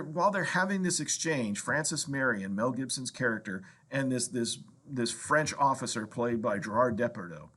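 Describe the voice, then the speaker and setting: A male history professor giving a college lecture, animated and often asking "right?" and repeating words. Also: mid-range voice.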